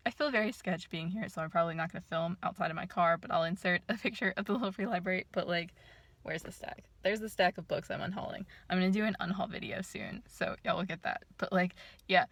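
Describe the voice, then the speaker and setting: Excitable young woman vlogging about books. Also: mid-range voice. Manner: excitable, fills with "like", giggly. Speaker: book vlogger. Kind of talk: casual vlog chat. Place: inside her parked car.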